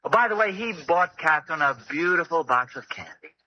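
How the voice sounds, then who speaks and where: An actor playing a flustered, good-natured young husband in a 1940s radio sitcom, fumbling and hesitant. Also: male voice, on the high side, lively intonation, a little fast, natural voice. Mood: sheepish. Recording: lo-fi old radio recording with faint hiss.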